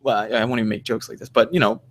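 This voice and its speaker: A man co-hosts a casual podcast discussion, rambling, swearing freely and acting out the arguments he quotes. He talks at a racing pace in a steady, medium-pitched, fairly bright voice.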